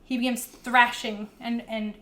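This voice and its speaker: A woman's voice: on the high side, flat delivery, measured pace, fairly bright tone. A young woman narrating a tabletop game as game master in a casual way, full of fillers.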